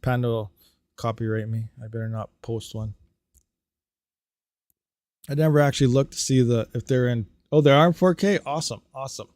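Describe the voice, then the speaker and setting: A man hosting a casual livestream, ranting about hardware and reading out viewer comments, animated and quick to get riled up. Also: mid-range voice, no echo, studio quality. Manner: animated, ranting, talks fast then trails off quietly. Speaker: crypto mining livestream host.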